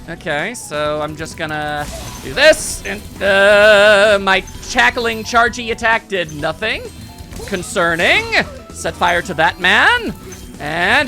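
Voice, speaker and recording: Animated, bright-voiced gameplay commentator. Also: male voice, high-pitched, normal speed, faint music behind. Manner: rambling, jokey, exclamatory. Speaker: let's play host.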